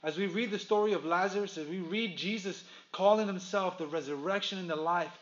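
A man pastor preaching a sermon in a church, emphatic, with long pauses, addressing the congregation directly. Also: sits high, muffled recording.

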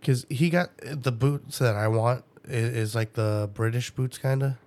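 A man in casual chat, telling an animated story, laughing often and swearing freely. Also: mid-range voice, measured pace.

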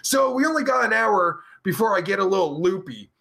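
A man's voice: high-pitched, very animated, fairly quick, gravelly, bright, forceful tone, exaggerated voice. A man playing a crude, foul-mouthed pervert character who hosts a comedy live stream, rambling and swearing constantly. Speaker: host.

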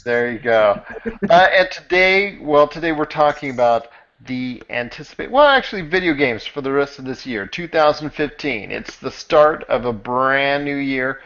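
A man's voice: mid-range voice, animated, normal speed, a bit bright. A man hosting a casual podcast about video games, rambling with many fillers and restarts. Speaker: podcast host. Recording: dull lo-fi podcast audio.

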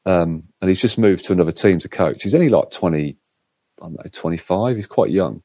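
A middle-aged man telling a lively story in casual chat, acting out what others said. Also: sits low, brisk, dry recording. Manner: animated storyteller, acts out quotes. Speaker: co-host.

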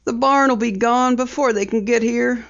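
A reader voicing a farm woman in a storybook reading, speaking flatly and without tone. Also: medium pitch, normal speed, pitched above the performer's own voice, natural voice. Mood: stunned. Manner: flat, toneless delivery. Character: worried farm woman watching her barn burn. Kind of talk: audiobook character reading. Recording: dull lo-fi recording.

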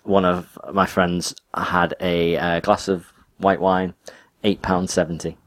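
Deep-voiced man, rambling and chatty. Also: little pitch movement, slow pace, a bit bright. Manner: rambling, chatty, self-deprecating. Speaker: podcast co-host. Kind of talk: casual banter.

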